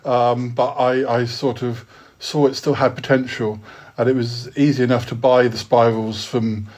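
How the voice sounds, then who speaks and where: A man's voice: medium pitch, level tone, normal speed, a little mellow. A podcast host reading his own rhyming poems aloud in a rhythmic, sing-song way, with hesitant fillers when chatting.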